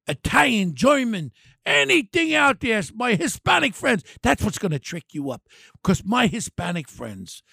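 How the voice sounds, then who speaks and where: An older man hosting his podcast, ranting bluntly and heatedly, often shouting insults. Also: high voice, vocal fry, dry recording, clean studio sound. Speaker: podcast host. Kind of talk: angry political rant.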